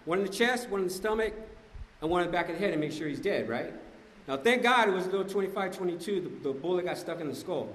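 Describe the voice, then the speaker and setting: A man's voice: sits high, expressive, quick pace, fairly bright tone. A man giving a conversational, emphatic personal testimony at a recovery meeting, often asking "right?". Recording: echoey hall, faint ambience.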